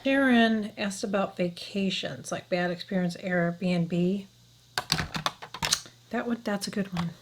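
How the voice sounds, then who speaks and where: A woman's voice: medium pitch, slow pace, a little hiss or hum. A middle-aged woman chatting frankly to camera as a beauty vlogger, often sinking to a near whisper. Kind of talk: casual chat to camera.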